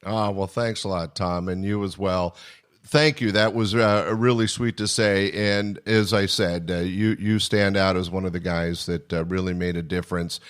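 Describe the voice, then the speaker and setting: Smooth-voiced male podcast host. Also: deep voice, steady tone. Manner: friendly, halting, with many fillers. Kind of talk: casual interview chat.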